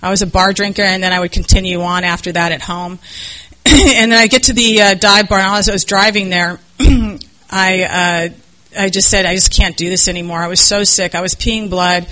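A middle-aged woman with a bright, sharp-edged voice tells her recovery story candidly. She acts out the people in her story and laughs through the hardest parts. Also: mid-range voice, fairly even intonation, moderate pace, rough recording. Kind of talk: personal recovery testimony.

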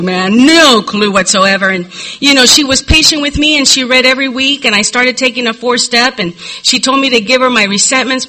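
A middle-aged woman speaks into a podium microphone, giving a candid personal testimony at a recovery meeting. Her voice is very bright, and her storytelling is loose and confessional, with frequent "you know" fillers. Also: on the high side, poor audio.

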